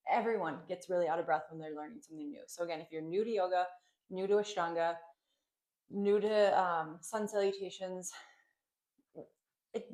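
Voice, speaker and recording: A woman's voice: fairly low pitch, darkish tone. A woman teaching a yoga class, talking casually with many fillers and light laughs. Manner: chatty, with many ums and likes, laughing lightly.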